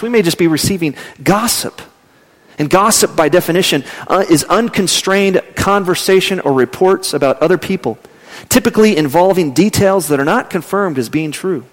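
A man preaching a sermon, telling stories and dropping his voice low and slow for emphasis. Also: in a large hall. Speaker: pastor.

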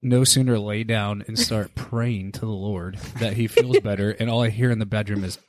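A man chatting as a guest on a podcast, telling an animated story and acting out the back-and-forth. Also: on the low side, normal speed, a little hiss or hum. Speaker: podcast guest, a host's husband. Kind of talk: casual chat.

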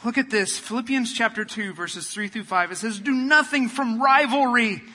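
A man preaching a sermon, building to loud passionate peaks and dropping to a soft, quiet prayer. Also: extremely high pitch, moderate pace, few pauses, big-room sound. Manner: preaching with rising fervor, then quiet prayer. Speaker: pastor.

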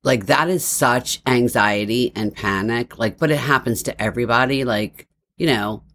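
A woman's voice: rumbling low, moderate pace, fairly bright tone. A middle-aged woman, the host's mother, chatting casually as co-host and giving frank, opinionated reactions. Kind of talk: casual chat.

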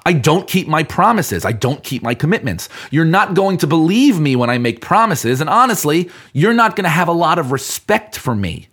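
A man's voice: on the high side, sing-song, moderate pace, hardly any pauses, a bit bright, slightly rough. A man hosting a podcast, talking earnestly to the listener in a coaching manner about keeping commitments. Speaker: podcast host. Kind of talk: motivational podcast talk.

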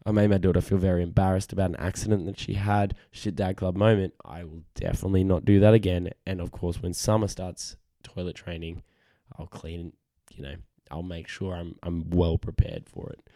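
Tired, rambling, low-voiced dad podcaster. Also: male voice, fairly even intonation, brisk, mellow, dry recording, clean studio sound. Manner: rambling, frank, swears freely, self-deprecating. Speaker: podcast host. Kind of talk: casual solo podcast monologue.

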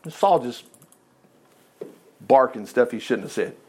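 A man reading a Bible story aloud and breaking off into animated, chatty asides and commentary. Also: medium pitch, slow, a little hiss or hum. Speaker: Bible teacher.

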